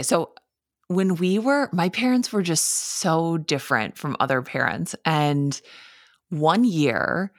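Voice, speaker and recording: Woman, podcast host, low voice, dry close mic, casual chatty storyteller. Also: no echo. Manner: chatty storytelling with frequent swearing. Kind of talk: casual chat.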